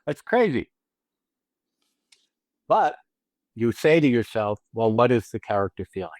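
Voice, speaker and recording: Very animated yet slow, this medium-pitched man pauses often in a dry recording. As an acting teacher and podcast co-host, he talks technique in casual, blunt, profane chat, stressing his points and frequently restarting phrases.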